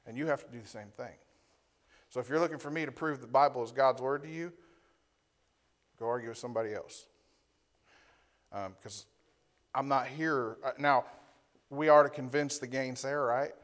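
A male pastor delivers a sermon to a congregation in a church, reading Scripture aloud, explaining Hebrew and Greek words, and often closing his points with a rhetorical "right?". His mid-range voice is a bit bright, moving at normal speed with long pauses.

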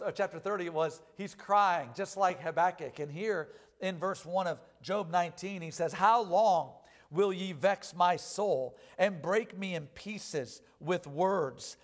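A man preaching a sermon, reading scripture aloud slowly and with rising emphasis between plain explanations. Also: high voice.

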